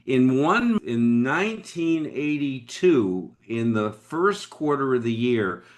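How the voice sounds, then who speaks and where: A man in his sixties, a business leader guest, telling a story in an interview with lively swings of voice. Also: slow pace. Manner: animated storyteller with big pitch swings.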